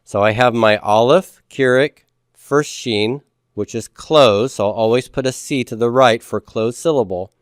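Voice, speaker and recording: Man, lecture style, patient and repetitive, smooth resonant voice, dry recording. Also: on the low side, no room sound. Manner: patient, repeats key points, checks understanding with "okay?". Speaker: Hebrew grammar teacher. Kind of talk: classroom lecture.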